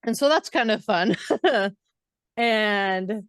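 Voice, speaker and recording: A woman's voice: medium pitch, slow pace, smooth, dry recording, clean studio sound. Woman casually recapping a book, chatty. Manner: chatty, loose retelling with many "like"s and "uh"s. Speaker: podcast co-host.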